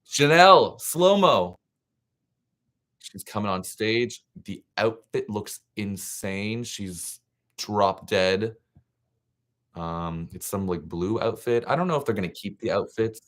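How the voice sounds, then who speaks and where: Excitable young man reacting on a livestream. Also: fairly low pitch, takes it slowly. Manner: excitable, chatty, scattered, frank opinions. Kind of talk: casual live reaction commentary.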